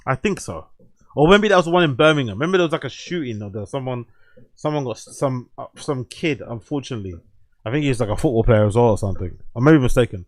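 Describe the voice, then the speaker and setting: A young adult man hosting a show, reading news aloud and reacting with excited, swearing asides. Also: mid-range voice, fast, no echo. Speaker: host.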